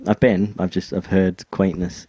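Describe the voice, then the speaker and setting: Low-voiced young guy rambling on his podcast, trips over his words, dry close sound. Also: level tone, measured pace, warm tone, husky, no room sound. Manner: rambling, stumbling over words, self-correcting. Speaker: podcast co-host. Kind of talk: casual chat.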